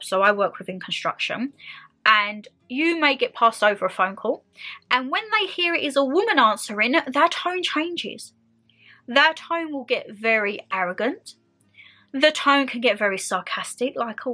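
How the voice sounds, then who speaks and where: A woman's voice: high voice, pushed and bright. A young woman with a British accent, chatting openly and expressively to her viewers in a casual sit-down vlog. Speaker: vlogger.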